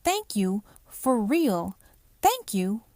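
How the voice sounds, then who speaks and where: A woman doing a shaken, halting young man. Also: mid-range voice, big pitch swings, darkish tone, full character voice. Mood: raw. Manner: halting, raw, speaks in dialect. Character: anxious, heartbroken young man, boyfriend.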